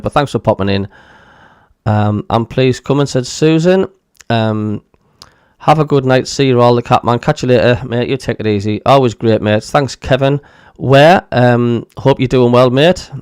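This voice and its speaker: A man with a Sunderland (Mackem) accent talks in a plain, chatty way, with frequent ums as he reads out viewer comments. His voice is smooth and clear, recorded close and dry with no room sound. He sits at a middle pitch for a man. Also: no echo. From Northeast England. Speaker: host of a football watchalong stream. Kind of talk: casual live-stream chat reading viewer comments.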